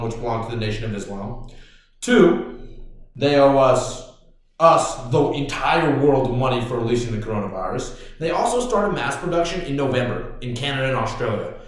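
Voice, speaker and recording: A man hosting a podcast, ranting casually in a profane, excitable way. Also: mid-range voice. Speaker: podcast host. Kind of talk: casual rant. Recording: very echoey room.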